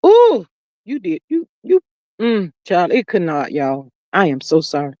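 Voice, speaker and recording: A woman hosting a livestream, talking casually and animatedly, swinging between loud outbursts and low murmurs. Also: wildly swooping pitch, a little slow, no echo, highs cut off. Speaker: livestream host.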